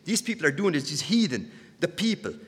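A man's voice: a little high, big pitch swings, a little fast. Preacher man in a reverberant hall. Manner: repeats words when stirred, surges louder on key points. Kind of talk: sermon.

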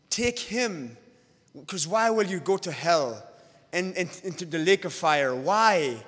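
A man's voice: a little high, fairly bright tone, big-room sound. A man preaching an evangelistic sermon, pleading with his listeners and rising and falling in intensity.

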